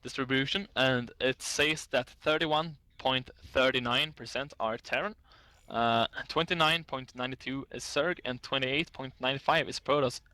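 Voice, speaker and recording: A man's voice: medium pitch, a little slow, few pauses, sharp tone, dry recording. A man casting an esports match, chatting casually and reading out statistics with frequent laughs. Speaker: esports caster.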